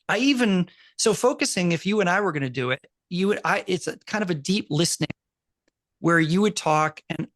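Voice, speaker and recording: A man, a university professor, speaking in casual conversation as an animated storyteller, full of quick asides and restarts. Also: high-pitched, gravelly, dry recording. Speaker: university professor and podcast co-host.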